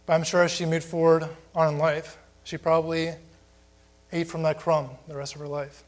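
A man's voice: on the high side, level tone, normal speed. A man preaching a sermon to a congregation in a plain conversational way, often asking rhetorical questions. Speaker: pastor.

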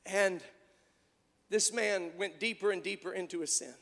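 Shouting preacher in an echoey church. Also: male voice, high-pitched, moderate pace. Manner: swings from quiet storytelling to shouted preaching. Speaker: pastor. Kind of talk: sermon.

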